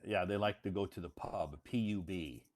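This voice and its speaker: An American man hosting a casual English-learning chat, repeating words clearly for a learner and laughing often. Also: low voice, normal speed, a little mellow. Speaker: English teacher host. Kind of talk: casual conversational interview. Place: lives in Beijing.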